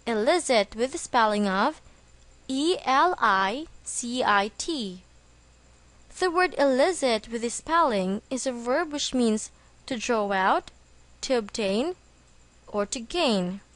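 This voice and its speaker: A woman teaching an English vocabulary lesson in a slow, deliberate read, lingering over each word and spelling terms out letter by letter. Her voice sits a little high, and the recording is dry and close with no room sound. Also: animated, a bit bright, no echo.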